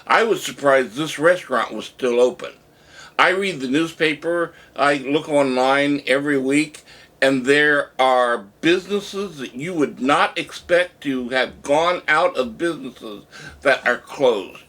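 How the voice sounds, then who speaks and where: A man's voice: mid-range voice, a little slow. A man telling a story in a casual monologue, acting out the lines he quotes. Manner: animated retelling, acts out shouted quotes. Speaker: vlogger.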